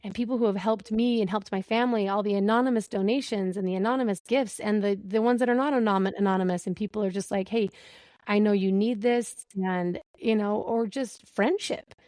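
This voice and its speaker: A woman's voice: medium pitch, steady tone, a little fast, darkish tone, dry recording. Laughing woman telling a candid story. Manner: candid storyteller, laughs a lot, acts out dialogue. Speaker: podcast host. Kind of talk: casual chat.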